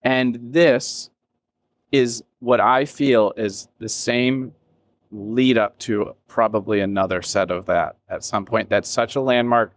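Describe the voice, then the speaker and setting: A man speaks slowly in a mid-range voice. He's a business founder on an interview as a guest, and his reflective talk is candid and emotional, rambling along with plenty of fillers, self-quotes and some swearing.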